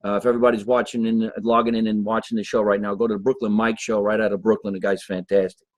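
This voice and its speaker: A comedian hosting a casual live chat show jokes, laughs often, and banters animatedly with viewers. His voice is fairly low and quick-paced, with no room sound.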